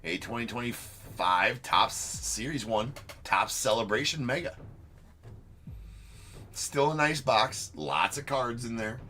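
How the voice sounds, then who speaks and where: A man's voice: mid-range voice, slow pace, sharp tone, a little hiss or hum. A man hosting a live card-breaking stream, joking and teasing a viewer as he gives casual commentary.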